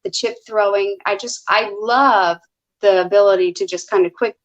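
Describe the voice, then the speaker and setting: A woman guest in a casual interview, relaxed and hesitant with a lot of fillers. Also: medium pitch, moderate pace, low-quality recording. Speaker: guest poker player.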